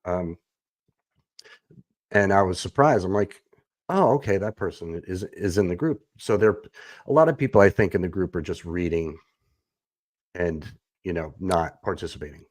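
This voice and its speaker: Male podcast co-host, deep voice, rambling and self-mocking, home desk mic. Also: lively intonation, normal speed, pauses often, no room sound, studio quality. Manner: self-deprecating, rambling with fillers. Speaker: bass player. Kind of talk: casual chat. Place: echoey home room. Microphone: desk USB microphone.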